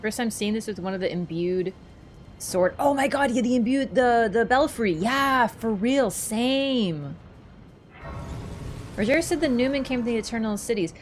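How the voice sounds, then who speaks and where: A young adult woman chatting casually and teasing her chat while live-streaming a video game, thinking out loud with lots of fillers. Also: a little high, lively intonation, normal speed, a little hiss or hum. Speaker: gaming streamer.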